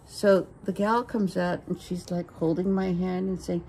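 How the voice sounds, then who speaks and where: Slow, gentle older woman telling a story. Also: mid-range voice, fairly even intonation, slight background noise, low-quality recording. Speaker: guest, the host's mother. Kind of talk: casual family conversation.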